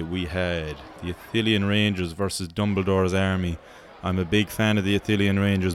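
Low-voiced Irish man, sweary banter. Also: a little hiss or hum. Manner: profane, joking, rambling banter. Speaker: host. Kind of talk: mock sports commentary.

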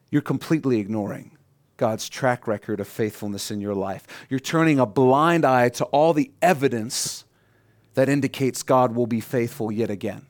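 A middle-aged man preaching a sermon as pastor, rising to emphatic peaks and dropping to quiet asides. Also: medium pitch, dry recording, clean studio sound.

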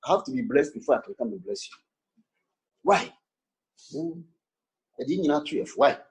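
A man preaching a sermon as pastor, switching between English and Twi, with animated delivery and sudden shouts. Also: a little high, moderate pace, gravelly.

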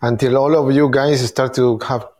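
A man's voice: medium pitch, steady tone, normal speed, a little mellow. A man chatting casually as a guest, hesitant and searching for words. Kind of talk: casual chat.

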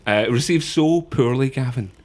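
A man's voice: medium pitch, moderate pace, darkish tone. A man, co-hosting a podcast and reading out facts in a playful, mock-dramatic way. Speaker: podcast co-host. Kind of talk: casual chat, reading out facts.

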